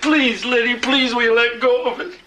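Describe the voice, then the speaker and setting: A man's voice: very high-pitched, steady tone, normal speed, pushed and bright, slight background noise. An actor playing an older husband pleading with his dying wife in a 1980s TV movie. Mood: anguished. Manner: pleading, anguished.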